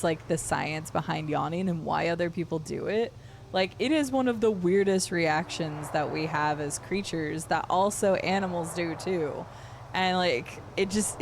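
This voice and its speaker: A woman's voice: fairly low pitch, vocal fry, slight background noise. A woman streamer chatting casually and playfully with her viewers while playing a game. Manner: chatty, rambling, playful with chat. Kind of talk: casual chat while gaming.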